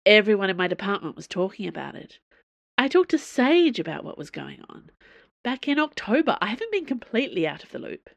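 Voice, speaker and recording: A blunt, scolding young woman mage in a storybook reading, as the reader raises her voice a little. Her tone sits a touch higher than the narration, and the sound is close and dry with no room around it. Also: big pitch swings, brisk, creaky, no echo. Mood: earnest. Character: sharp-tongued young woman student mage.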